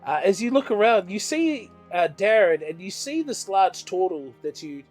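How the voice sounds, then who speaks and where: High-voiced man running a tabletop game. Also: big pitch swings, faint music behind. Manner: laughs often, halting with fillers. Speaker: game master. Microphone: own microphone.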